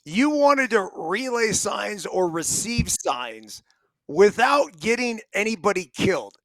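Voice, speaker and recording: A man's voice: high voice, big pitch swings, takes it slowly, a bit bright, no room sound, rough recording. A middle-aged man and former ballplayer co-hosting a sports talk show, ranting emphatically and swearing a lot. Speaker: podcast co-host, former ballplayer.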